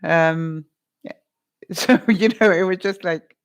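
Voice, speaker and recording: A woman vlogger gives advice in a live-stream chat, calling her viewers honey and using their names. Her voice sits on the low side and is smooth, and she takes her time, rambling along with asides.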